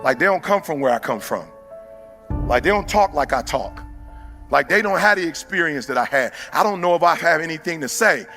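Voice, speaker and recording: A man giving an impassioned motivational speech, often shouting, in plainspoken slang. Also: on the high side, lively intonation, fairly quick, vocal fry, soft background music. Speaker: motivational speaker.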